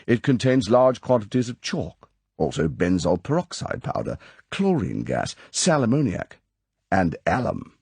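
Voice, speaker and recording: A man's voice: lowish voice, sing-song, unhurried, creaky, darkish tone, husky, no room sound, pitched above the performer's own voice, full character voice. A man voicing a stern older male spymaster who lectures in a clipped, commanding way, from an audiobook reading. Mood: lecturing.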